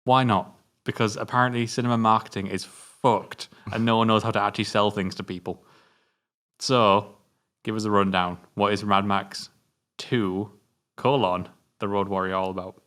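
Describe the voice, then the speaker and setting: A British man hosting a film review show, brisk and teasing with dry quips. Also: fairly low pitch, steady tone, a bit bright. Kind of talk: casual film chat with scripted intro.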